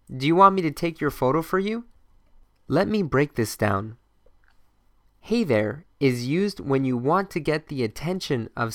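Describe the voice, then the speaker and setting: Slow, careful male English teacher. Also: on the high side, dry recording, clean studio sound. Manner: slow, clear modeling of phrases for learners to repeat. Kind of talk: scripted podcast lesson.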